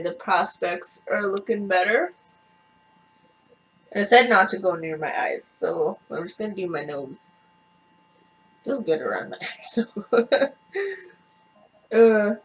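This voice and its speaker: A woman's voice: on the low side, a bit bright. Profane ranting young woman vlogger. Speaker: beauty vlogger. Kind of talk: casual makeup review.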